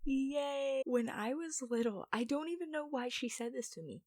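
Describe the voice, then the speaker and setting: Young woman, casual storytime vlogger, slightly high voice, self-deprecating and full of fillers. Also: animated, normal speed, a little mellow, dry recording, studio quality. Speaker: YouTuber.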